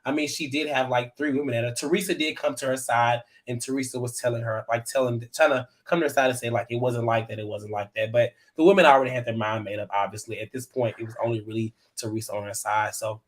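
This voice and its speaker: A man hosting a live panel, casually recapping a reality episode, animated and often laughing as he acts out what people said. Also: mid-range voice, fast talker, few pauses. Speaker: show host recapping episode.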